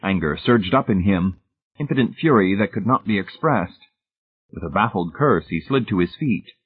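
A man reading a suspenseful story aloud in a measured, scripted narration, heard over a tinny, phone-like recording. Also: lowish voice, lively intonation, breathy edge. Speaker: audiobook narrator.

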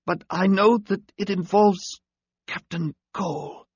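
A man's voice: high-pitched, steady tone, slow, no echo, lo-fi sound, voice pushed up, heavily acted. A man voicing a dying male alien who speaks in a weak, urgent voice, in an audiobook. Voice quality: weak, breathy.

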